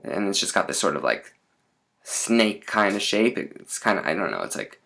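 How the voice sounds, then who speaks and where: A man teaching a lesson in a relaxed, chatty way, with many fillers and asides. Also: sits low, normal speed, gravelly.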